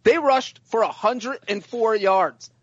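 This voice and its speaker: A man co-hosting a podcast, chatting in an animated way and often repeating his first words. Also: high-pitched, slow pace, husky, no echo, dull audio. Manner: animated, repeats words when starting sentences. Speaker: podcast co-host. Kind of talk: casual sports chat.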